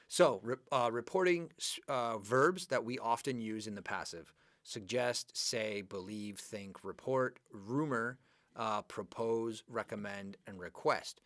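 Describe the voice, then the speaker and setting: Chatty low-voiced male English teacher. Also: dry recording, studio quality. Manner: chatty, animated, talks to students by name. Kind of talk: live online grammar lesson.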